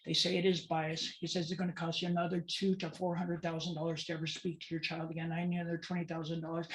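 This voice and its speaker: A woman's voice: fairly low pitch, flat delivery, fast. A woman advocate giving a talk about her life, telling her story dramatically and acting out the voices of the people she quotes. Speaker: transgender advocate and speaker. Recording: roomy, distant mic.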